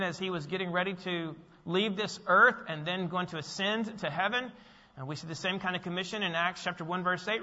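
Emphatic high-voiced pastor preaching. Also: male voice, bright, forceful tone. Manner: emphatic, rising to stress key words. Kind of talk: sermon. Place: church sanctuary. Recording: dull sound with long church reverb.

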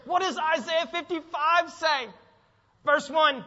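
A man preaching a sermon as pastor, swinging between loud calls and hushed low lines and asking the congregation to fill in words. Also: moderate pace, in a large hall, dull audio. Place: church sanctuary.

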